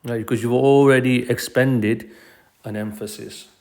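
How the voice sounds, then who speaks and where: A man's voice: mid-range voice, fairly even intonation, a little slow, gravelly, darkish tone. A man teaching a recorded grammar lesson, explaining patiently and repeating key phrases for emphasis.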